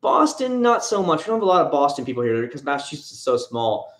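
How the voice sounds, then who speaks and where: A man's voice: a little high, sing-song, fast, fairly bright tone. Chatty man in his thirties, echoey room. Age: 30s. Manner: rambling, conversational, frank opinions. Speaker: livestream host. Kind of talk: casual livestream chat answering viewer questions.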